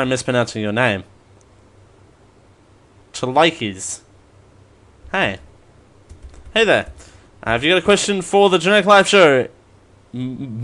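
A man hosts a live stream Q&A, rambling and poking fun at himself while laughing at his own jokes. His voice sits at a medium pitch with a fairly bright tone.

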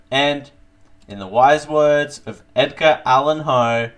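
A man hosting a live show, chatting casually and excitably while taste-testing snacks, sometimes talking with his mouth full. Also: medium pitch, takes it slowly. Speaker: host.

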